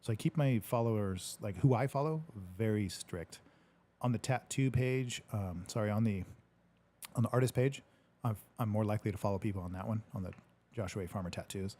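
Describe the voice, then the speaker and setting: Laid-back male livestream host, low and husky, casual and joking, swears freely. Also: brisk, mellow. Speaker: podcast host reading live comments. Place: home studio.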